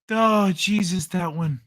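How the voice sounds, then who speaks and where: A woman's voice: medium pitch, creaky. A woman streamer giving casual reaction commentary, swearing and laughing at clips.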